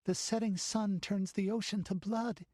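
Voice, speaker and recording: Guy doing a high shrill little girl, scared and whimpery, storybook voice. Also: fairly even intonation, moderate pace, darkish tone, dry recording, clean studio sound. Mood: hushed watchful.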